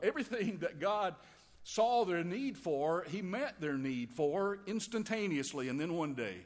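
A man preaching in a folksy, wry style, tossing in homey quips as he goes. His voice sits a little high for a man, and it rings out with the long reverb of a large hall. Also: animated, unhurried. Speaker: pastor. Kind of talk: sermon.

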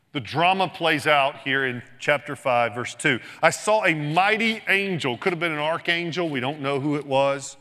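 A man preaching a sermon, earnest and dramatic, with rhetorical questions and pauses. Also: fairly high pitch, pushed and bright, big-room sound.

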